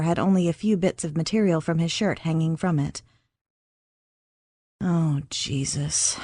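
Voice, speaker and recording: Reading from a script, a woman narrates an audiobook in a calm, even, measured way. Her voice runs lowish, and the studio sound is clean and echo-free.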